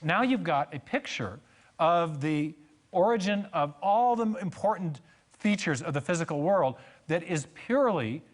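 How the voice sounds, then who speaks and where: A man giving a church lecture on science and faith, telling stories with emphatic repetition and joking asides. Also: on the high side.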